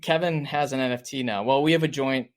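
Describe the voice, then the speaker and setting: A man's voice: medium pitch, fairly quick. A man co-hosting a podcast, talking earnestly in casual chat and often restarting his sentences. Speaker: podcast co-host.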